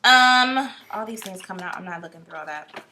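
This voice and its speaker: A woman talks through a tarot spread in a loose, candid vlog manner, blunt and quick to swear. Her voice is bright and forceful, with a middling pitch. Faint background noise sits under her speech. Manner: chatty, blunt, animated, swears. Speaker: tarot reader. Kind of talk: casual tarot reading vlog.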